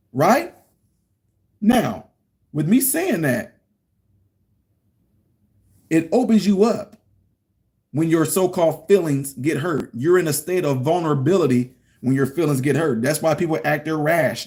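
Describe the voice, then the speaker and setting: A man's voice: on the high side, darkish tone. A middle-aged man giving a casual commentary rant, emphatic and preachy, repeating his points. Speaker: political commentary vlogger.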